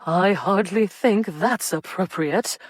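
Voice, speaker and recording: A woman's voice: medium pitch, slow pace, no room sound, pitched above the performer's own voice. A woman reading an audiobook, voicing a prim, disapproving older woman who speaks in a firm, clipped way.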